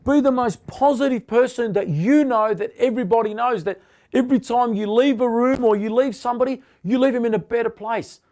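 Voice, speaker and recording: A man's voice: extremely high pitch, brisk, darkish tone. A middle-aged man, giving blunt, punchy motivational talk to viewers and repeating short commands. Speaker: motivational host.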